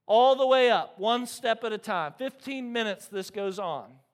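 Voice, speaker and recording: A man in his thirties, a pastor preaching a sermon, telling stories with lively energy and often checking in with the congregation. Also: high voice, unhurried. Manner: animated storytelling, frequent "right?" to the congregation.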